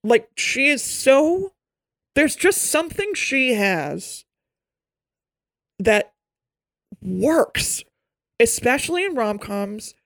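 A woman co-hosting a podcast in casual chat, talking in digressive runs full of quick asides. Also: high-pitched, very animated, a bit bright, no room sound, studio quality. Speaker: podcast co-host.

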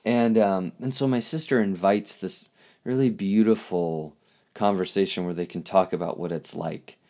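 A man hosting a podcast, speaking in a halting, reflective monologue with lots of restarts, and openly emotional. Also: low-pitched, a little mellow. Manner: halting, searching for words, emotional. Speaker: podcast host.

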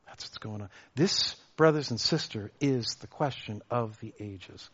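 A man preaching a sermon as pastor, lively and repeating words as he restarts his thoughts. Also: medium pitch, a little slow, slightly rough. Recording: dull lo-fi sound.

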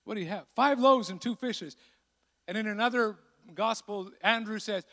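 A male pastor delivers a sermon with a fairly high voice, lively and acting out the people in his story. His words ring out with a long reverb that fills the church around him. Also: moderate pace. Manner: animated, acts out voices of the disciples.

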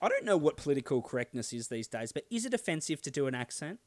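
An Australian man co-hosting a podcast in casual, jokey banter, laughing often and firing back quick comebacks. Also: on the high side, sing-song, no room sound, clean studio sound. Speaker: podcast co-host.

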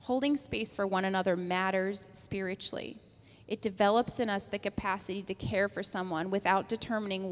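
A woman giving a calm, reflective talk on prayer at a church service. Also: medium pitch. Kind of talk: reflective sermon reading. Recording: long echo of a hall.

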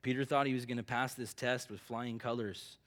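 A man's voice: mid-range voice, steady tone, a little fast, a bit bright. A male pastor preaching a sermon in an earnest, emphatic, conversational way.

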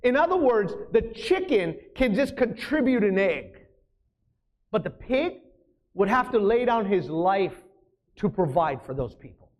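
A man's voice: high-pitched, sing-song, measured pace. A man as pastor preaching a sermon, emphatic, often asking the congregation questions.

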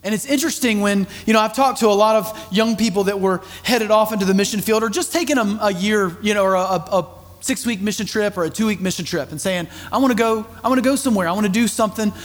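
Male pastor, high voice, conversational sermon storytelling, long hall reverb. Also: quick pace. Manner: conversational storytelling, animated asides.

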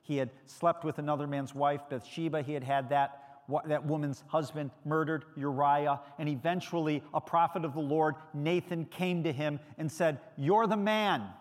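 A man's voice: on the high side, fairly even intonation, normal speed, few pauses, in a large hall. A man preaching a sermon as pastor, speaking conversationally and putting questions to the congregation. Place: church sanctuary.

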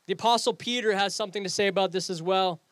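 A male pastor with a high voice delivers an earnest sermon, posing rhetorical questions to the congregation. The sound is dry and close, with no room echo. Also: quick pace, a bit bright. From Canada.

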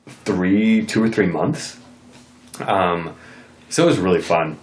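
A young man telling a story in a casual podcast chat, animated and acting out what people said. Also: sits low. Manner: animated, acts out quoted lines. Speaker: podcast guest. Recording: roomy echo.

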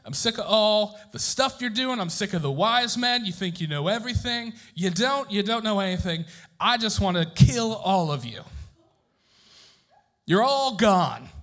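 A man's voice: expressive, a little slow. A man playing a furious ranting king. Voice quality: shouting, loud and high. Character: furious ancient male king, ranting threats.

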